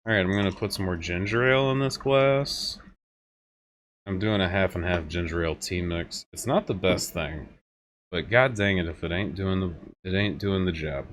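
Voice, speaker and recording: A man's voice: low voice, moderate pace, a little hiss or hum. A man streaming a game, chatting casually with his viewers, joking and laughing often. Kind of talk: casual gameplay commentary. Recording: game music loud in the background.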